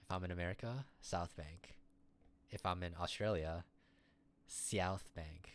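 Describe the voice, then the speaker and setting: A man streamer rambling and joking through casual running commentary at his computer. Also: sits low. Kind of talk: casual live-stream chat.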